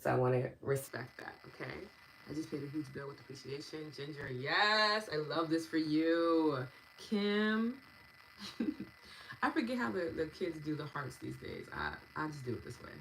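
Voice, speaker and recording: A woman with a notably low voice leads a live meditation and tapping session in a gentle, affectionate way. She is in her thirties and chats with her viewers, thanking each one by name. A faint hum sits behind her. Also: animated, moderate pace, low-quality recording. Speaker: meditation and EFT practitioner. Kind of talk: live-stream wellness session, reading viewer comments.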